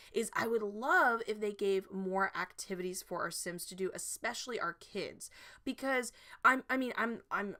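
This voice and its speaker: A woman's voice: medium pitch, fairly bright tone. A woman vlogger chatting casually about her game build, rambling and giggly with frequent restarts. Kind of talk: casual chat.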